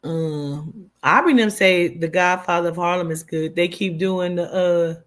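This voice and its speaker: A woman's voice: lowish voice, measured pace. A woman hosting her own live stream, talking casually and drifting from one thought to the next. She swears freely and answers her viewers' chat comments as they come in. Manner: chatty and rambling, with frequent swearing and "child" asides. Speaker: livestream host.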